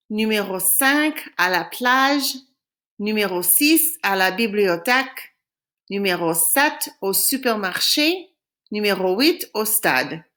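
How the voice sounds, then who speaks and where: A woman recording a French lesson, pronouncing phrases slowly and clearly so learners can repeat them. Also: mid-range voice, a bit bright. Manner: slow, clear modeling of French phrases for repetition. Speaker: French teacher.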